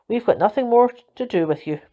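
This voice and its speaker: A woman's voice: fairly high pitch, expressive, brisk, pitched above the performer's own voice, lightly acted. A woman voicing a bold, bossy girl captain in a storybook reading, breathless and commanding. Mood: defiant. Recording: dull lo-fi recording.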